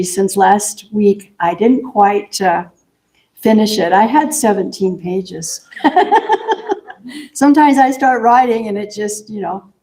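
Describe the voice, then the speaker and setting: Slow-spoken woman minister. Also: medium pitch. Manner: gentle, chatty, laughs often. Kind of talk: sermon. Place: church sanctuary.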